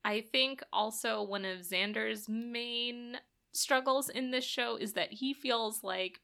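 Bright-voiced woman co-hosting a chat. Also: mid-range voice. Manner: thoughtful, conversational, laughs easily. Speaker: podcast co-host. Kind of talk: casual chat.

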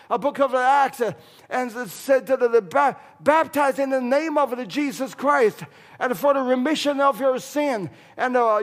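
High-voiced fervent male preacher. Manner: fervent, repetitive preaching with broken English. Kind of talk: sermon.

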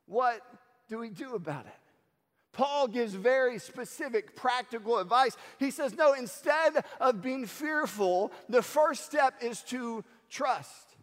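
A man preaching a sermon, telling stories in an animated way and acting out the lines he quotes. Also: very high-pitched, takes it slowly. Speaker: pastor. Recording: long hall reverb.

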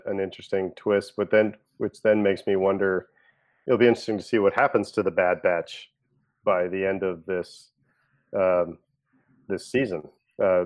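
Low voiced guy chatting on a podcast, lots of ums and you knows. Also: a little mellow. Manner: chatty, fillers, musing aloud. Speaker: podcast co-host. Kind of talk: casual chat.

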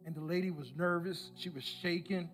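A man preaching a sermon, telling a self-mocking personal story in an animated way and acting out the people in it. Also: on the high side, normal speed, soft background music. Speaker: pastor.

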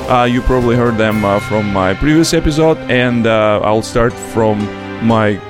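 A man with a Russian accent hosting a casual podcast from a conference, speaking haltingly with many fillers. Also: on the low side, music in the background. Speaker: podcast host. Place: conference venue.

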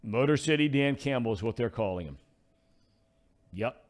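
An American man hosting a casual sports talk show, joking and excitable, with frequent restarts. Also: medium pitch, normal speed. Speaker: sports radio host.

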